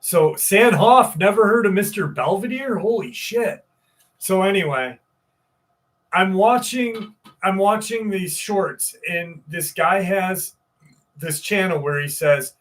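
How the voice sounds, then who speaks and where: A man's voice: high-pitched, lively intonation, slow, a bit bright, recorded from a distance. A man hosting a live stream, rambling casually, swearing freely and greeting viewers in the chat. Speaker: livestream host.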